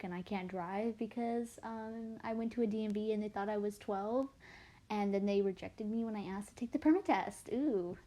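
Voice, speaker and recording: Young woman, late teens, livestream chat while drawing, rambling stories, self-deprecating, animated ups and downs. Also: mid-range voice. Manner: chatty and animated, voice swinging up and down. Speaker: artist livestreamer.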